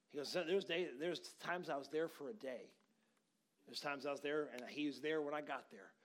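A man preaching a sermon, telling a story conversationally and building to emphatic encouragement. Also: medium pitch. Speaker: pastor.

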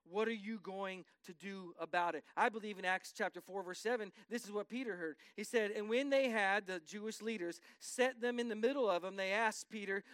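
High-voiced, emphatic male preacher. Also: a little fast, few pauses, a bit bright, clean tone, no room sound. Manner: preaching with rising emphatic bursts and asides to the congregation. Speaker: pastor. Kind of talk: sermon.

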